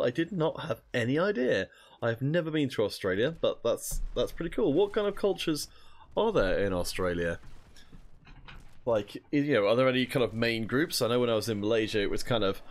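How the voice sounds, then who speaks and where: Young guy casting a mobile shooter match, mid-pitch, chatty, reading chat between plays. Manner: chatty, answers viewer messages between plays. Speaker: esports caster. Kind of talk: solo esports commentary reading chat.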